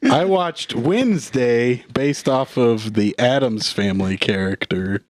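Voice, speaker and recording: A man who is a podcast guest, talking casually and hesitantly with many pauses. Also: mid-range voice, no echo. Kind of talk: casual chat.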